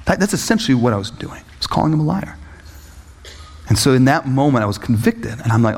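A man preaching a sermon as he tells a personal story, acting out voices and leaping up in pitch when excited, laughing at times. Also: fast, husky. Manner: animated storytelling, acts out voices, jumps high when excited. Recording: echoey hall reverb.

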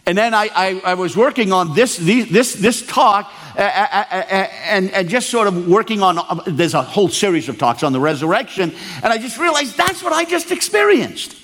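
An older man from Maine preaching a storytelling sermon, animated and acting out the dialogue. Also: normal speed, hardly any pauses. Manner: animated, acts out dialogue with big pitch swings.

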